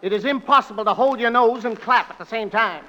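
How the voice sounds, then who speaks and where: Catty gossip columnist, very high shrill voice, loud clicks and noise, old radio. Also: male voice, brisk.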